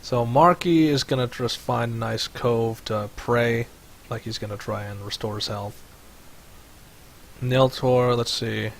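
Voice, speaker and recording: A man's voice: mid-range voice, fairly even intonation, a little slow, gravelly, slight background noise. A man running a tabletop game as game master over voice chat, rambling with many fillers. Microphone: headset or desk mic on voice chat.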